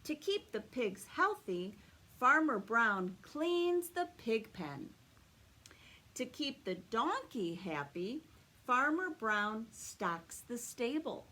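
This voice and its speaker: A woman, a children's librarian, reading a picture book aloud at story time, animated and expressive and asking the children questions. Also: a little high.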